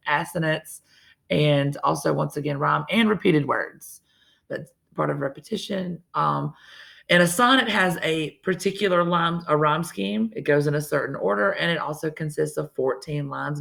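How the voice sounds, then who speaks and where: A woman teacher with a Southern US accent walks through a poetry lesson step by step in a recorded online reading class, chatty and prone to self-correcting asides. Her voice is deep and a bit bright, with vocal fry.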